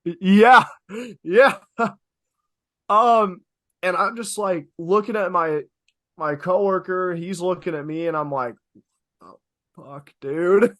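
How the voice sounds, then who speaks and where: A young man co-hosting a podcast, telling stories in an animated, emphatic way, swearing freely and repeating lines for effect. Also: high-pitched, slow, pauses often, dry recording, clean studio sound. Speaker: podcast co-host. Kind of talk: casual podcast storytelling.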